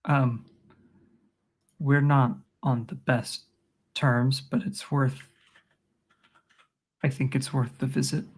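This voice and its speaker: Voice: medium pitch, steady tone, slow pace, long pauses, breathy edge. A tabletop game player, thoughtful and hedging, explaining a character's choices. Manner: thoughtful, hedging, speaks for a character in third person. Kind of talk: casual tabletop role-play.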